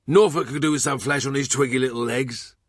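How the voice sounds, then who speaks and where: A man's voice: medium pitch, a little fast, no echo, studio quality, voice pushed up, natural voice. A man voicing a blunt, chatty palace cook who jokes irreverently. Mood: teasing.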